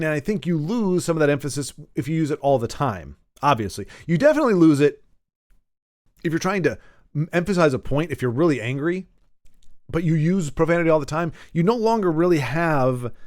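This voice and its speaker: A man's voice: a little high, no echo, clean studio sound. A man talking alone on a podcast, rambling and emphatic, with frequent restarts and self-corrections. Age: adult who grew up with Nintendo. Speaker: podcast host. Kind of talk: solo podcast monologue.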